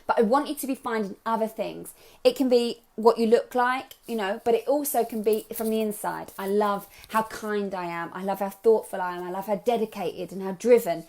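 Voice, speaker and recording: A woman's voice: mid-range voice, fairly even intonation, moderate pace, a little mellow. A young adult woman coaching a live group on self-love, upbeat and chatty, encouraging her listeners and slipping into playful voices.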